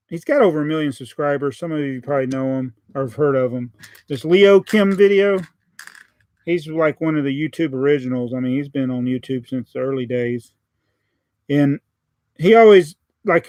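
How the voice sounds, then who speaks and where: A man's voice: a little high, darkish tone, no room sound. A man with a Southern American accent, chatting casually on a live stream as he builds a toy set, joking and reading out viewer comments. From Southern United States.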